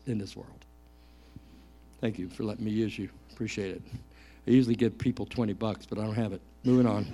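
A middle-aged male pastor delivers a lively sermon, cracking jokes and calling out questions to the congregation. His voice sits in the mid-range with a gravelly edge.

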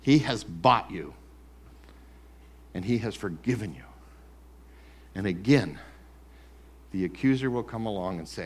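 Animated male pastor preaching a sermon. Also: lowish voice, unhurried, long pauses. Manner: animated preaching, swings from quiet to loud, acts out the accuser's voice. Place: church sanctuary.

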